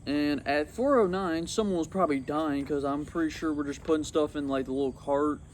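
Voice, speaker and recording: Young guy rambling into his phone outside, kinda high voice, bit of noise behind. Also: brisk. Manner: rambling and excitable, swats at bugs. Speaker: YouTuber. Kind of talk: casual vlog commentary. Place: outdoors among insects.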